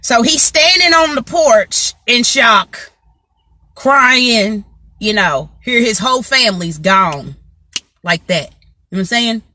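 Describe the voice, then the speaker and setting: A woman's voice: a little high, expressive, takes it slowly, bright, forceful tone, dry recording. A woman telling a story to her viewers in casual chat, often asking "you know what I'm saying" and greeting people by name. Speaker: motivational vlogger.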